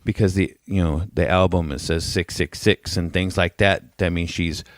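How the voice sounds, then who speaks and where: A man in casual podcast chat, swearing freely as he tells his stories. His voice sits on the low side. The sound is dry and close, with no room around it. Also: fairly even intonation, moderate pace, dry recording. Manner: profane, blunt storytelling. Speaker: podcast co-host.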